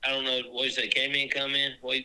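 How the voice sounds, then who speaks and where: Fishing guide, bright edgy voice, animated storyteller for a casual podcast chat. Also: male voice, mid-range voice, fast, clean tone, rough recording. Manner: animated storyteller, acts out lake encounters.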